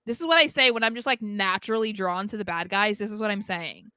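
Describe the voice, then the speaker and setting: A woman's voice: medium pitch, quick pace, sharp tone, clean tone, dry recording. A young woman co-hosting a podcast, chatting casually about wrestling, full of fillers and acting out what people said. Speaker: podcast co-host. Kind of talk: casual wrestling recap chat.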